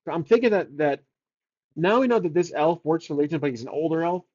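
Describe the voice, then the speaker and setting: A man's voice: fairly high pitch, lively intonation, fairly quick, a little mellow, highs cut off. A man narrating his solo tabletop game, casually thinking aloud and rolling odds for each choice.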